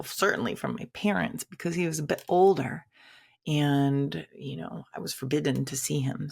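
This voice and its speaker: Woman with a gravelly low voice. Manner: candid, conversational, with dramatic quoted asides. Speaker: shaman and teacher. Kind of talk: personal storytelling.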